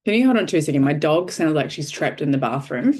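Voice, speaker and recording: A woman's voice: low-pitched, lively intonation, a little fast, a little mellow. A woman leading an online workshop over a video call, encouraging and swearing casually. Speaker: workshop facilitator.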